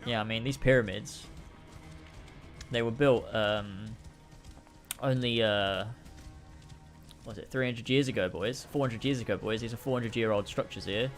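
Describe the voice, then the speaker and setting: A man's voice: fairly low pitch, moderate pace, long pauses, soft background music. A young man casually commenting while playing a video game, sarcastic and swearing freely as he rants about its missions. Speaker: gaming streamer. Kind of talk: casual let's-play commentary.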